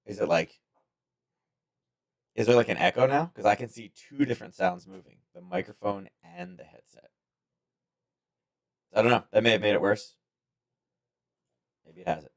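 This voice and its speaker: Male stream host, slightly hoarse, casual rambling delivery, close-miked at home. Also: mid-range voice, very animated, normal speed, pauses often. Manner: rambling, thinking aloud, chuckling asides. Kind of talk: casual livestream chat. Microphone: close-up desk microphone.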